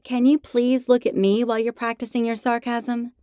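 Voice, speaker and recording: A woman's voice: fairly high pitch, level tone, moderate pace, mellow, clear, resonant tone, dry recording, studio quality, pitched above the performer's own voice, natural voice. A woman voicing an exasperated young woman who argues with her boyfriend in a raised, indignant, pleading tone.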